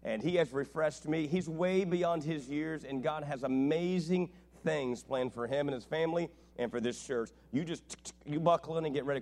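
A middle-aged man preaching as a visiting pastor, telling jokes and family stories in an animated way. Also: medium pitch. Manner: joking, animated storytelling. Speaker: guest preacher. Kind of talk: sermon.

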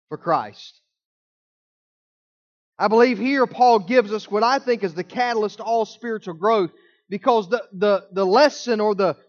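High-voiced preacher, emphatic and drawn-out. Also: male voice, muffled recording. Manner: emphatic preaching, slowing down and drawing out key words. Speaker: pastor. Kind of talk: sermon.

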